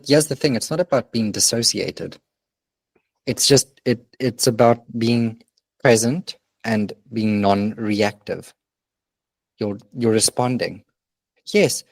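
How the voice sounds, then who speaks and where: A man's voice: mid-range voice, unhurried, darkish tone, dry recording. A man co-hosting a podcast, coaching in an earnest, emphatic way and swearing now and then. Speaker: podcast co-host. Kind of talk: casual podcast conversation.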